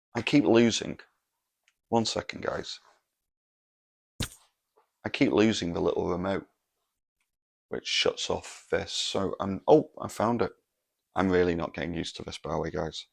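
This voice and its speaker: A man's voice: low-pitched, gravelly. A man hosting a solo comedic podcast, telling a story in an exasperated rant full of swearing. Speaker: podcast host.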